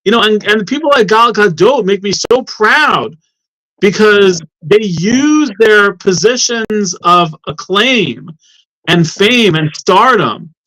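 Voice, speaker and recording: A man's voice: high-pitched, a bit bright, low-quality recording. Impassioned indignant man on a show. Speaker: guest, law professor. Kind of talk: heated talk-show discussion.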